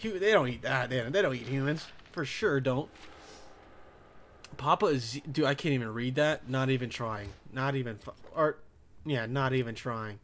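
A man doing let's play commentary, excitable and profane, talking to himself as he plays. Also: medium pitch, moderate pace, slight background noise. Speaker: gaming commentator.

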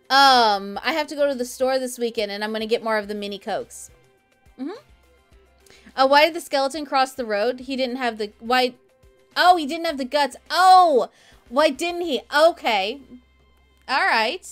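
A woman live streamer talks casually from her home as she plays a game. She rambles along in a high, smooth voice while answering her viewers' messages. Faint background music runs under her talk.

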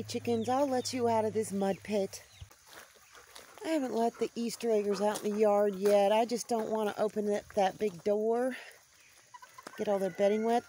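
Her voice sits in the mid range with a slightly mellow quality. Filming a homestead vlog, the woman chats loosely to the camera and thinks aloud as she goes, indoors in a small home at night and afterward out in the yard.

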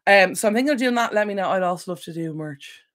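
A woman's voice: mid-range voice, animated, fast, fairly bright tone. A woman hosting a casual home livestream Q&A, rambling and apologetic, easily sidetracked while recovering from illness. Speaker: decluttering channel host. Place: home room at a computer. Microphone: desk microphone.

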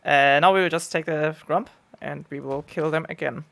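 A man's voice: a little high, steady tone, moderate pace, creaky, fairly bright tone. A man, an English speaker, giving casual gameplay commentary as a streamer, with gamer slang. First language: German.

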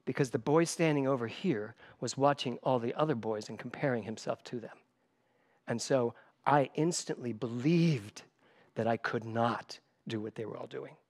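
Older man preaching with lively storytelling. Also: medium pitch. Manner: animated storytelling with sudden loud bursts and hushed asides; emphatic, repeats key phrases. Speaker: spiritual director. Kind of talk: sermon. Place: church stage before a live congregation.

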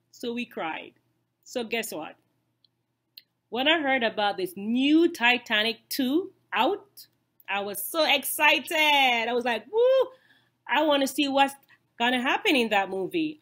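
A chatty, excitable woman with a voice a touch higher than most, talking to her channel's viewers. She loops back over her points and keeps throwing questions at the audience. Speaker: YouTube vlogger. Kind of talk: casual chat to camera.

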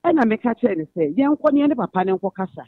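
A woman's voice: medium pitch, very animated, fast talker, no echo. A woman with a Ghanaian accent calls in to a radio show and earnestly recounts her family troubles at length, mixing in English phrases. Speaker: radio caller. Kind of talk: phone-in personal story, code-switching. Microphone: telephone. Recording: tinny phone line, dry.

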